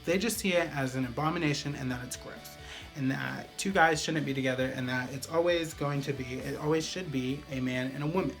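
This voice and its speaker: A man's voice: medium pitch, fairly quick, gravelly, soft background music. A man vlogger telling a personal story in a casual, chatty way, full of fillers like "like" and "pretty much".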